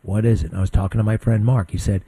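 A man's voice: lowish voice, steady tone, rapid-fire, dark tone, breathy edge, dry recording. A man hosting a talk radio show, delivering a blunt, combative monologue that rambles and restarts.

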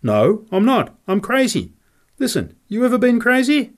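Guy putting on a wired little ex-boxer, high and pushy, voice bouncing all over, audiobook style. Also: wildly swooping pitch, normal speed, heavily acted. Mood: eager. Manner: eager, insistent, jumpy. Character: excitable punch-drunk little ex-prizefighter man.

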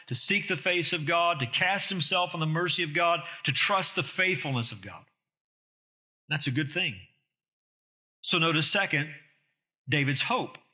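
Sharp-voiced man preaching a sermon. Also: fairly high pitch. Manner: emphatic preaching with rhetorical questions. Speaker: pastor.

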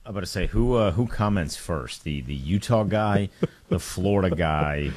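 A man co-hosting a casual sports talk show, cutting in with quick teasing questions. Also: deep voice, lively intonation, darkish tone. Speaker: radio co-host.

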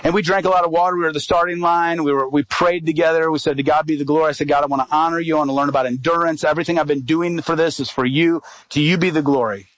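A man's voice: on the high side, racing, hardly any pauses, no room sound, rough recording. A middle-aged man, an evangelist, telling a personal story in a sermon and acting out the dialogue. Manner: animated storyteller, acts out quoted dialogue.

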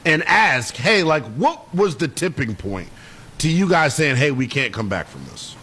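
Brief: young male sports radio co-host, high voice that swings a lot, blunt and playful. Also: big pitch swings, measured pace, bright, forceful tone, slightly rough. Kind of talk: sports talk radio banter.

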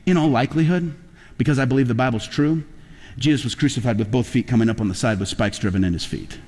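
A man preaching a sermon as a pastor, talking conversationally and rising to loud, emphatic peaks. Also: mid-range voice, quick pace. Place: large church auditorium. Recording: long hall reverb.

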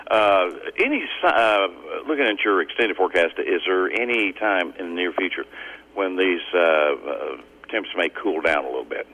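A man's voice: deep voice, animated, normal speed, pushed and bright, poor audio. A man, calling in to a radio show, chatty and friendly with stumbling restarts. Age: 60s. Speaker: caller. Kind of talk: casual phone chat.

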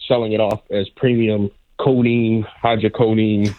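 A man's voice: on the low side, flat delivery, a little slow, no echo. A man calling in to a radio show, explaining something in a laid-back way. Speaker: caller. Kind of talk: call-in radio. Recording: phone line.

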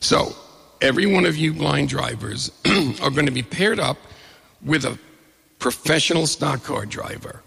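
A middle-aged man with a deeply gravelly, very husky voice tells a personal story on a stage. He is lively and acts out the other people in his story. His voice rings with a long hall reverb. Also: a little slow, pauses often. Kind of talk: live storytelling.

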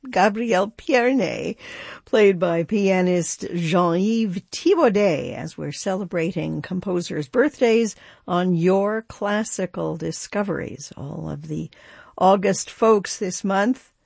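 Female classical radio host: slow, easygoing, husky, close studio mic. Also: on the low side, no room sound. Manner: relaxed, chatty, self-correcting with small laughs. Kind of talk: radio music presenting.

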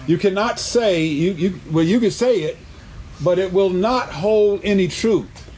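Male pastor, high voice, sermon in church, repeats points and keeps calling for "amen"; faint room noise behind. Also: unhurried, darkish tone. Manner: punctuates phrases with frequent "amen", calls on the congregation; repeats and restates points for emphasis. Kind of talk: sermon with scripture reading.

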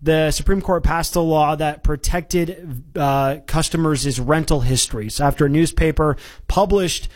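A man speaks with a voice a little higher than most men's. He hosts a morning radio show and chats loosely with his colleague, often restarting his sentences and wandering off into anecdotes. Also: unhurried, few pauses. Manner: rambling, chatty, full of restarts. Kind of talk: radio news chat.

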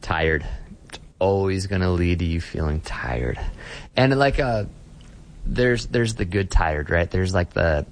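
A man's voice: low-pitched, lively intonation, unhurried. A man who is a pastor, speaking as an interview guest in an earnest, reflective way, often restarting his sentences.

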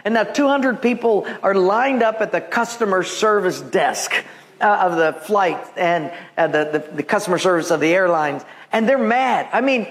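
A man's voice: high voice, normal speed. A man preaching a sermon in a church, telling stories and acting out the people in them. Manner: animated, acts out voices and quotes, laughs with the congregation. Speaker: pastor. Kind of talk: sermon with storytelling. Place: church with a live congregation.

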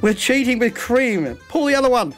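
A man's voice: very high voice, big pitch swings, normal speed, music in the background. A man co-hosting a radio show, teasing and playfully skeptical, laughing often. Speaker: radio co-host. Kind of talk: casual banter on air.

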